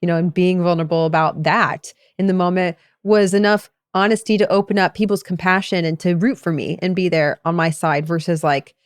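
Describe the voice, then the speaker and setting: A woman's voice: on the low side, fairly even intonation, brisk, hardly any pauses, dry recording, clean studio sound. A woman co-hosting a podcast as a meditation coach, telling a personal story in a reflective, casual way.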